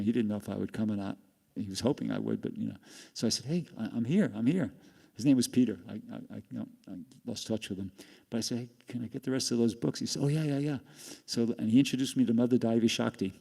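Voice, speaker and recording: A man's voice: medium pitch, vocal fry, dark tone. An older man giving a class, telling a rambling personal story with laughs along the way. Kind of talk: storytelling talk. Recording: long hall reverb.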